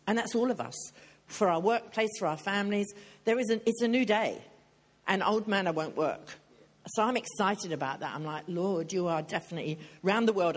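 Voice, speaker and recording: Chatty older woman preaching a sermon. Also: deep voice. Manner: chatty, joking, questions the audience.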